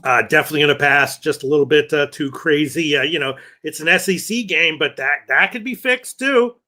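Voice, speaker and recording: Male co-host with a bright, slightly high voice who hedges his betting picks and stumbles on fillers. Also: fairly quick. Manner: hesitant, thinks aloud with many fillers. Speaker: sports betting show co-host. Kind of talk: casual sports betting talk.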